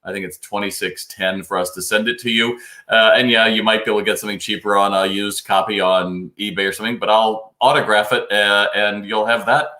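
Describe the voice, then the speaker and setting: A man's voice: lowish voice, flat delivery, fairly quick, sharp tone, roomy sound. Chatty male retail advice host. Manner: chatty and advisory, reads out viewer comments. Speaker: host of a live retail Q&A stream. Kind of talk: casual live-stream talk, answering viewer questions. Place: home studio, New York.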